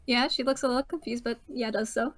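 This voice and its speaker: A woman's voice: on the high side, steady tone, fast talker. A woman playing in a casual tabletop role-play, giggly and hesitant, with many fillers.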